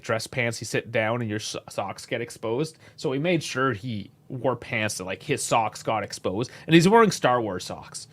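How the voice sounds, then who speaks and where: A man from Canada, hosting a casual live match reaction, chatty and laid-back with frequent chuckles and casual swearing. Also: mid-range voice. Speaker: host.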